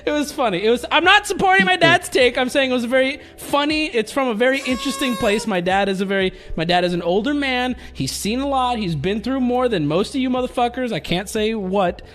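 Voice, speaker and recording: Male streamer, high voice, rambling and profane, faint music underneath. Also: animated, a little fast, few pauses, fairly bright tone. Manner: rambling, profane, laughing often. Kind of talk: casual stream chat.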